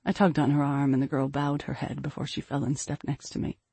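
Female narrator, first-person fantasy, breathy and measured, dry. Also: extremely low pitch, no room sound. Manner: measured, steady storytelling. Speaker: audiobook narrator.

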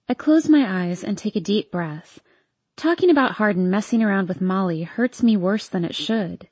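A woman narrates a first-person romance story in a soft, intimate way. Her voice is mellow and a little husky, with a dry, close sound. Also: medium pitch, animated, moderate pace, dry recording. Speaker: audiobook narrator.

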